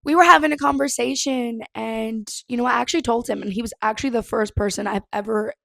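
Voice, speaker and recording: A young woman talks through her first podcast episode in a loose, chatty way, swearing and laughing as she goes. Her voice sits a little high, and the recording is close and dry with no room sound. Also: fast talker, creaky, no echo. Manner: chatty, expressive, swears casually, laughs often. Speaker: podcast host. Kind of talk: casual solo podcast chat.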